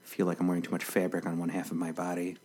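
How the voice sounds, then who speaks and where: A young man co-hosting a casual podcast chat, laughing often and cracking quick jokes. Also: sits low, completely flat delivery, darkish tone, husky. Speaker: podcast co-host.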